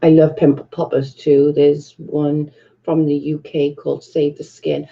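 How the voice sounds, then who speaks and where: A British woman with a low-sitting voice, fairly even intonation, and normal speed hosts a casual livestream from her bedroom, captured in lo-fi sound. She chats, reads out viewer comments, and swears freely.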